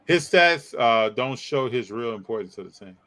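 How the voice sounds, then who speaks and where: Animated man reading live chat. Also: moderate pace, low-quality recording. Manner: animated, teasing, pitch jumps up when joking. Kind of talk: casual live-stream sports chat.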